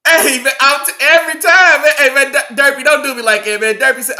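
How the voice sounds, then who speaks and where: A man's voice: very high voice, steady tone, fairly quick, hardly any pauses, sharp tone. A man hosting a casual live sports talk show, slangy and chatty, hyping up his live chat and repeating his lines.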